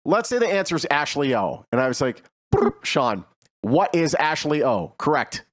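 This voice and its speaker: Animated male chat show host. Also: on the high side, moderate pace, no room sound, studio quality. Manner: animated, rambling, frequent restarts. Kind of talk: casual chat show banter.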